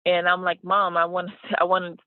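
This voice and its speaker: A woman guest telling an emotional personal story in an animated way, full of fillers and acted-out quotes, over a video call. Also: lowish voice, moderate pace, dry recording. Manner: animated, acts out quoted voices, many fillers. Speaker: interview guest. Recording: tinny phone-like line, dry.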